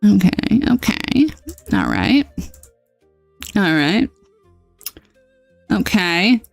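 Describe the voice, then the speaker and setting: Woman game streamer, nasal, lively pitch swings, joking and fed up with her gear, dry close sound. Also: very slow, vocal fry, no echo, faint music behind. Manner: animated, self-deprecating, exasperated at tech trouble. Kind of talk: casual live-stream chat while gaming.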